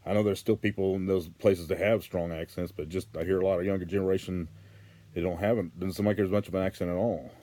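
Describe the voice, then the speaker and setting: A man's voice: sits low, fairly even intonation, fast, warm tone. A man with a Western Arkansas accent, talking casually to camera in a rambling, plainspoken way that repeats and restarts. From Arkansas, USA. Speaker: vlogger.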